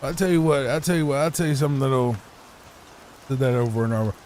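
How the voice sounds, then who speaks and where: A man's voice: medium pitch, fast talker, a little mellow, a little hiss or hum. A man giving improvised, rambling sleep-time commentary over gameplay at his home computer mic, often repeating himself. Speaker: gaming YouTuber. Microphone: desk microphone.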